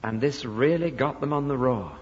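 A man's voice: medium pitch, moderate pace, breathy edge. A man preaching a sermon, explaining scripture and voicing the people he quotes. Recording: dull recording in a large reverberant hall.

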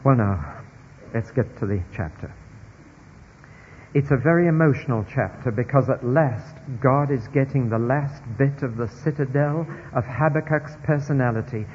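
A man preaching a sermon in an expressive style, now hushed, now emphatic, his voice at a mid pitch. The sound is dull and muffled, with a long reverb tail from a church or large hall. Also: normal speed, slight background noise.

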